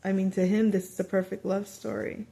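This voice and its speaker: A woman giving a casual spoken tarot reading to her viewers, chatty and animated, often quoting lines of dialogue and trailing off into fillers and restarts. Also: medium pitch, fairly quick, vocal fry. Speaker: tarot reader.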